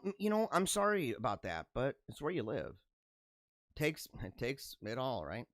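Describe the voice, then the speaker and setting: Sarcastic high-voiced male podcast host. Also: a bit bright, no room sound, studio quality. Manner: sarcastic, mocking, laughs at his own jokes. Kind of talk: casual political commentary.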